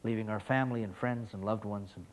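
A middle-aged man preaching a sermon as a missionary, telling a story and asking rhetorical questions, swinging from loud emphasis down to hushed whispers. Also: fairly low pitch, fairly even intonation, quick pace.

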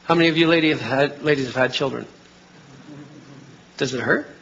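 A man's voice: medium pitch, fairly quick, fairly bright tone, dull audio, a little hiss or hum. A middle-aged male pastor preaching a sermon in church. He keeps asking the congregation questions and has them say lines back to him. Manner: interactive, asks the congregation to respond. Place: church sanctuary.

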